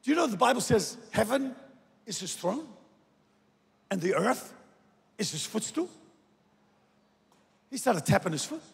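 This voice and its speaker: A man preaching a sermon, moving between hushed storytelling and loud, shouted exhortation. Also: sits high, sing-song, unhurried, vocal fry, long pauses, slightly rough. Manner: swings from soft sung phrases to loud shouted exhortation. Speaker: guest preacher. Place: large church auditorium. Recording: echoey hall reverb from a church stage.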